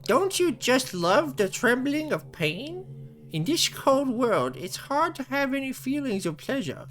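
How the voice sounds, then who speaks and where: A gloating, cruel torturer savours every slow word in a horror game, as a man puts him on. The voice swings lively up and down but never hurries, purring with menace. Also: extremely high pitch, pitched above the performer's own voice, exaggerated voice. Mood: gloating sadistic.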